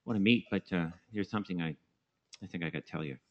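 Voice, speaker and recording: A man's voice: deep voice, lo-fi sound, natural voice. A man putting on the voice of a hesitant middle-aged man who talks like an old-time comic wiseguy. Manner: halting, stammering, comic wiseguy voice.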